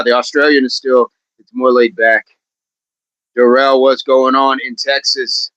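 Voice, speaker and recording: A man's voice: medium pitch, flat delivery, measured pace, fairly bright tone, no echo, rough recording. A man hosting a casual fitness livestream, chatting with viewers in a rambling way and laughing often.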